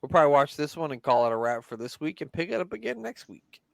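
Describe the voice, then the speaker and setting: A man co-hosting a casual podcast in a lively, swinging voice that sits on the higher side. He breaks into fired-up, profane rants. The sound is dry and close. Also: fast, gravelly, dry recording. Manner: animated, swearing ranting bursts. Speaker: podcast co-host. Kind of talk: casual chat.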